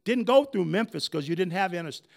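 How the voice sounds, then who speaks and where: An older man tells history in a loose, wandering way and keeps asking his listeners if they follow. His voice sits high for a man. He swoops up and down in pitch as he talks. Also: a little fast, vocal fry. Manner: animated, conversational, asks the audience questions. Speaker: history speaker. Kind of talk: digressive storytelling history talk.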